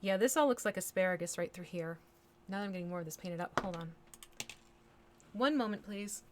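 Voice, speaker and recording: A woman hosting a live painting stream talks in an easygoing, conversational way at a mid-range pitch. She thinks aloud and hums bits of nonsense syllables as she paints. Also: a little fast, a little hiss or hum. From United States. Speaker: miniature painting livestream host. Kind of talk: casual chat while painting live.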